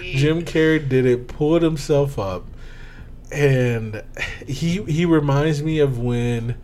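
A man's voice: on the high side, slow pace, darkish tone, slight background noise. A young man co-hosting a casual chat about a movie, enthusiastic and laughing, with some swearing. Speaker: podcast co-host.

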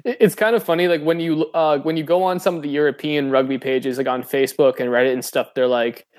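A man's voice: on the high side, fairly even intonation, quick pace, darkish tone. A man from Massachusetts co-hosting a casual podcast, laughing easily while he tells loose stories. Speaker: podcast co-host.

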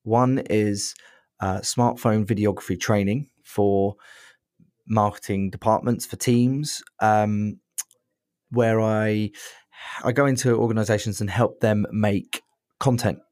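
Low, dry-voiced chatty man. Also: steady tone, slow, darkish tone, dry recording. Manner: joking, chatty, says "mate" a lot. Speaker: podcast guest. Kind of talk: casual chat. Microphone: desk mic in a cradle.

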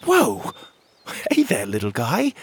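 A man's voice: medium pitch, wildly swooping pitch, normal speed, breathy edge, full character voice. A man voicing a cheerful young male fairy hero who speaks in a friendly, coaxing way.

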